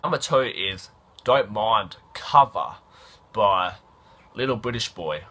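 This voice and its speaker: Dude rambling about a silly song, amused, bright voice. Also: male voice, on the low side, expressive, slow pace, slight background noise. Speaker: music reviewer. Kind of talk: casual commentary.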